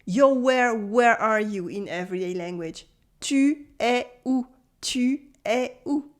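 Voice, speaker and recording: A woman's voice: on the high side, expressive, slow pace. A woman with a French accent, a native French speaker, giving an online language lesson and patiently repeating example phrases for practice. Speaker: French teacher.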